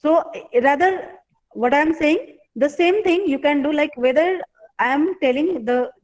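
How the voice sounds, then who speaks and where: A woman with an Indian English accent teaching an online class as a professor, speaking haltingly with many fillers and repeated phrases. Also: high voice, a little mellow. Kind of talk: live online lecture. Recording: dull lo-fi online class audio.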